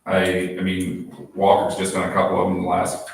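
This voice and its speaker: Deep-voiced man, distant and echoey. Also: completely flat delivery, normal speed. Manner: hedging, plain-spoken. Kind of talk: council meeting discussion. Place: small town council chamber. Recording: echoey room from far off.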